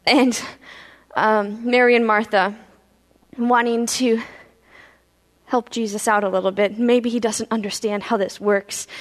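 A woman pastor telling a Bible story in a sermon, animated, acting out the characters' voices. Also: on the high side, unhurried. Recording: reverberant hall.

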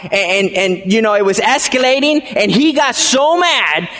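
A man preaching a sermon, emphatic and repetitive, swinging from hushed lines to shouted ones. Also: high-pitched, expressive, normal speed. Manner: emphatic, repeats phrases, swings between quiet and shouting. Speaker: pastor. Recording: long hall reverb.

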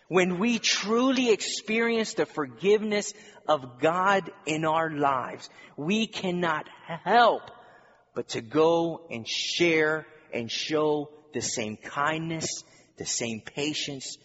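A man's voice: on the high side, fairly bright tone, breathy edge. A male pastor preaching a sermon in church, earnest, with rhetorical questions and repetition. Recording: dull recording in a reverberant hall.

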